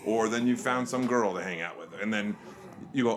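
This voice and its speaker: A man from Nantucket, a comedian guest telling joking deadpan stories in a casual podcast chat. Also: on the low side, brisk, noisy background. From Nantucket, United States. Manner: joking, deadpan storytelling with laughs.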